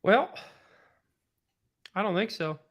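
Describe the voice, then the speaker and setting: A man's voice: high-pitched, animated, slow. A man hosting a live podcast as a fitness coach, upbeat and rambling, with lots of fillers. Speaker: podcast host and CrossFit coach. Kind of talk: casual live podcast chat.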